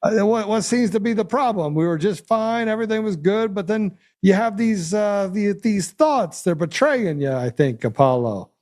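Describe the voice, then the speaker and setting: A man's voice: high-pitched, expressive, moderate pace, few pauses, a little mellow, voice pushed up. A man voicing a menacing male mob enforcer, mock-friendly and taunting.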